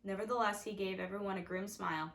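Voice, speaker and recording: A woman's voice: medium pitch, fairly even intonation, quick pace, gravelly, a bit bright, rough recording. A woman narrating a storybook with wry, confiding asides to the reader. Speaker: audiobook reader.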